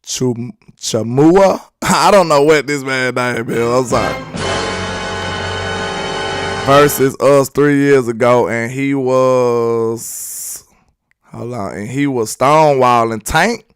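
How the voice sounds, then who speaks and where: A man's voice: medium pitch, slow pace, pauses often, over music. Joking Southern man on sports talk. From Alabama, US. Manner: loose, joking, conversational, slangy. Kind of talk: live sports talk reading viewer chat.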